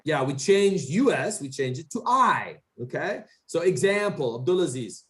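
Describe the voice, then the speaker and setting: Animated, high-pitched male English teacher. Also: moderate pace. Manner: coaching, corrects pronunciation, repeats words; animated, lively intonation. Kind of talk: classroom drill over a video call.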